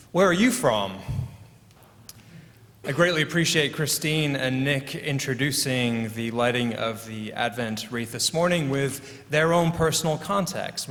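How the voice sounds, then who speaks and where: A man's voice: medium pitch, a bit bright. English-born guy preaching, chatty storytelling, echoey church hall. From England. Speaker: pastor. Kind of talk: sermon. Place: church sanctuary. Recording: long church reverb.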